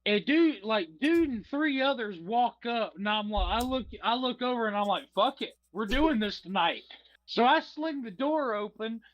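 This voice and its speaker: A man's voice: very high-pitched, lively intonation, moderate pace, lo-fi sound. A man co-hosting a casual podcast, telling a drunken story in a rowdy, profane way and talking over the others. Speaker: podcast co-host.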